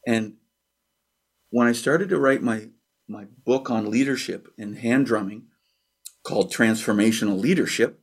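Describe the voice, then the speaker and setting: A man from Canada, a percussionist and author, telling a childhood story in an interview, acting out quotes and sound effects, with pauses and fillers. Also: lowish voice, slightly rough.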